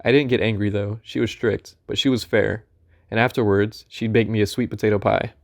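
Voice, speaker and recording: A man reading a first-person memoir aloud in an unhurried, conversational storytelling manner. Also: on the low side, steady tone, creaky. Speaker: audiobook narrator.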